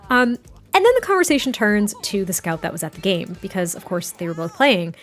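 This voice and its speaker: A woman's voice: mid-range voice, big pitch swings, a little fast, soft background music. A young woman gaming creator giving casual, rambling commentary, chatty and giggly with lots of fillers.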